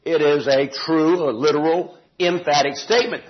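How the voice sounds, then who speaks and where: A man teaching a Bible study group in an informal, deliberate way, stressing words and adding homely asides and self-corrections. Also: fairly high pitch, steady tone, lo-fi sound.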